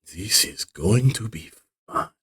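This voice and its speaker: A man's voice: lowish voice, animated, slow pace, a bit bright, breathy edge, exaggerated voice. A man voicing a sly, grotesque male henchman with a Spanish accent, hissing and mischievous. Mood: gleeful.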